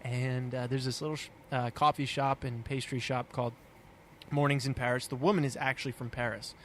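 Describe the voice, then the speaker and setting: A male podcast co-host chats casually and cheerfully, chuckling as he talks and leaning on lots of "uh" fillers. His mid-range voice is fairly quick and fairly bright but flat in delivery, with slight background noise.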